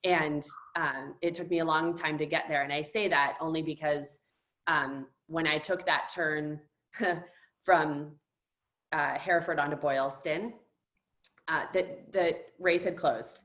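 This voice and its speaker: A woman's voice: sits low, fairly even intonation, slow, fairly bright tone. A woman guest, a runner, telling her story earnestly and explaining things step by step. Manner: earnest and explanatory, restarts often. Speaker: guest, marathon runner and dancer. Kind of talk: candid conversational storytelling.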